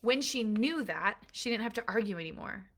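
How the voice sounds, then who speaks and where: A woman's voice: fairly high pitch, expressive, brisk. A woman parenting coach giving an earnest, emphatic recorded lesson built on analogies.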